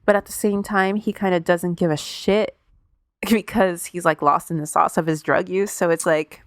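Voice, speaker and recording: A woman with a lowish voice recaps a story for her co-host in relaxed podcast chat. She swears freely and pads her sentences with casual fillers. The sound is dry and close, with no room around it. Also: normal speed, no echo. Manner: casual and profane, with lots of "like" fillers.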